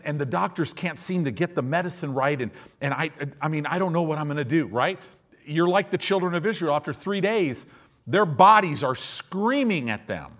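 A male pastor preaches a sermon conversationally, posing questions to his listeners and acting out how people reacted. His voice sits a little high with a fairly bright tone.

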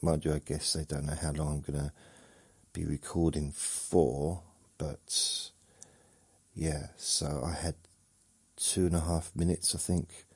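Very slow deep-voiced man. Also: level tone, a little mellow, slightly rough, no room sound. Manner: drowsy, rambling, chuckles at himself. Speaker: podcast host. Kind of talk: rambling sleep podcast monologue.

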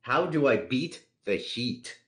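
A man's voice: medium pitch, expressive, takes it slowly, fairly bright tone. A man hosting a casual podcast, joking around and reading out listener questions. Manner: jokey, reads listener questions aloud. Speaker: podcast host. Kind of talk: casual chat.

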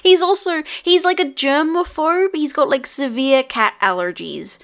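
A woman in casual chat, talking in an animated way, swearing freely and piling up "like" fillers. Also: high voice, a little slow.

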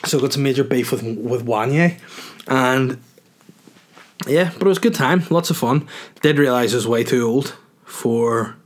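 A man's voice: medium pitch, moderate pace, pauses often. A man hosting a podcast, telling a rambling, self-mocking story with jokey asides. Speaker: podcast host. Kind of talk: casual storytelling monologue.

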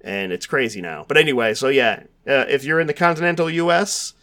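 A man's voice: medium pitch, a little fast, fairly bright tone. A man hosting a podcast, chatting casually with lots of fillers and restarts. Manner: rambling, filler-heavy, frequent restarts. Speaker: podcast host.

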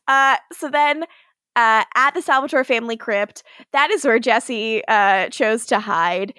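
Woman, podcast co-host, casual recap chat, laughs a lot, slightly high voice, dry close sound. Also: unhurried, no echo. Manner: animated, laughs often, acts out character lines.

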